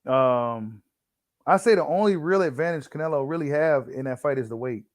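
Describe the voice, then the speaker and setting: Man, boxing channel host, casual slangy commentary, fairly high voice, dry close sound. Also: moderate pace, no echo. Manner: slangy, repeats himself, many fillers; reads an article aloud to viewers.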